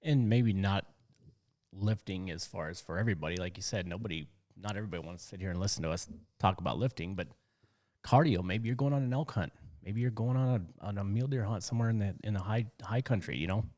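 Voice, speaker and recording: Male co-host, thirties, low voice, easygoing ribbing chat. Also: fast talker, a little mellow. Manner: teasing, laid-back banter. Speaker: podcast co-host. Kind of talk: casual chat.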